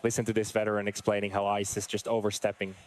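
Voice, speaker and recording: A man's voice: fairly low pitch, monotone, quick pace. Exasperated male political commentator. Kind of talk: online news commentary.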